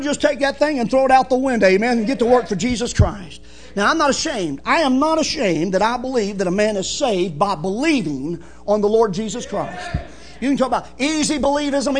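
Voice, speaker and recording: Fervent high-voiced male preacher. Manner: fervent, emphatic, swings from soft to loud. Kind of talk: evangelical sermon.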